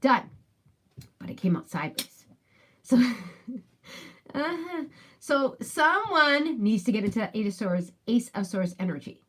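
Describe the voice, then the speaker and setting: A woman doing a casual tarot reading, chatty and musing aloud, with emphatic repetitions. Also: mid-range voice. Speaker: tarot reader.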